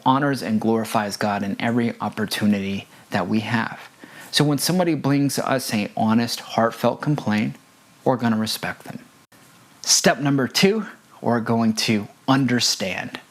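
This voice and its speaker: This man, a front-of-house audio engineer, gives an instructional talk to sound engineers, weaving in stories from his own experience. His mid-range voice carries an earnest, emphatic tone, and he returns to key points more than once.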